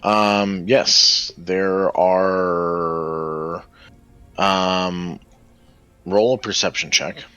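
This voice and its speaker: A man running a tabletop game as game master, talking in a relaxed, hesitant way with many ums. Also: low voice, very slow, clear, resonant tone, soft background music.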